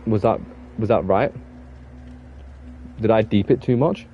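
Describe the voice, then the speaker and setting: A young Englishman chats loosely with viewers while streaming a game, waffling and admitting it, restarting his sentences again and again. His voice is on the low side and a little slow. The audio sounds dull, with soft music playing behind him.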